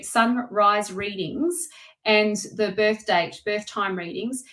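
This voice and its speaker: A woman's voice: fairly high pitch, a bit bright. A woman hosting a tarot and astrology live stream, chatting casually with viewers in an effusive, emotional way.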